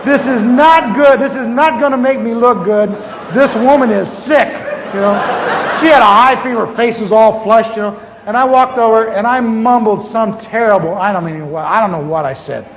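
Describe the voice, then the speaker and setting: A man teaching a class as a pastor, telling humorous stories from his own life in an animated, joking way and acting out his old prayers. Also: high-pitched, normal speed, crowd noise. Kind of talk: humorous storytelling lecture. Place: large church conference hall. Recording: live hall recording with long reverb and faint hiss.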